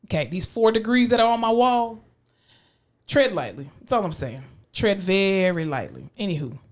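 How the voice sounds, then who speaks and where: A woman's voice: mid-range voice, lively intonation, moderate pace. A woman with a South Florida accent co-hosting a podcast, talking in a sassy, emphatic way with a slight drawl. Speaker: podcast co-host. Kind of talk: casual chat.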